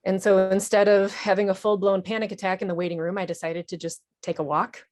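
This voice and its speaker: A woman's voice: mid-range voice, flat delivery, brisk, a little mellow. A woman, an Army veteran and nonprofit director, telling her story in a TV interview in an earnest, candid way with small restarts.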